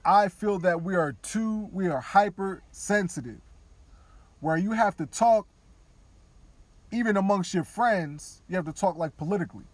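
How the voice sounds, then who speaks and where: A man's voice: sits high, unhurried, dry recording. Candid man riffing, dry close sound. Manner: candid, conversational, acts out other voices quietly. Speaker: podcaster. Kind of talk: casual opinion talk.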